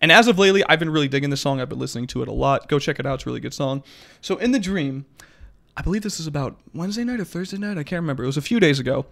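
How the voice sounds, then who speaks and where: Young man, high voice, animated, laughing, swearing, casual podcast chat. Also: very fast, vocal fry. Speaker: podcast co-host.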